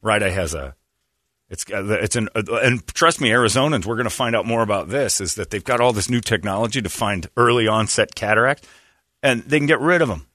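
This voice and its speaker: A man's voice: fairly low pitch, animated, a little fast, pushed and bright, no room sound, clean studio sound. A man hosting a casual morning radio show, telling rambling, self-deprecating stories and mimicking the people in them.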